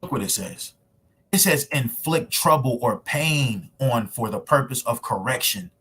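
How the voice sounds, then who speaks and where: Recording himself at home with screen share, a man delivers a street preaching sermon video in casual slang, driving his points home with rhetorical questions. His medium-pitched voice is a bit bright and husky, with lively intonation and a measured pace.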